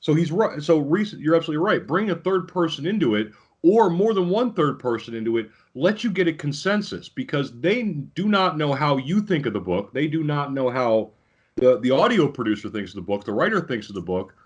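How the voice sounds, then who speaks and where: A man hosting a casual interview podcast, enthusiastic and quick to agree. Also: on the high side, sing-song, slightly rough, dull audio. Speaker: podcast host.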